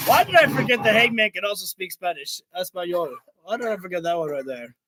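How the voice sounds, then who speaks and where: High-voiced man rambling through stream commentary. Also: lively intonation, quick pace, heavy background noise. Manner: rambling, stumbling restarts, laughs at himself. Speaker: wrestling livestream host. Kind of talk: casual live reaction commentary.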